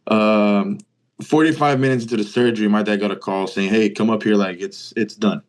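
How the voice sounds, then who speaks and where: A man's voice: on the low side, fairly quick. A young man in his twenties from Brazil, with a Brazilian accent and Portuguese as his first language, telling a story casually as an interview guest and acting out the dialogue. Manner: animated retelling, acting out quoted dialogue, frequent "like".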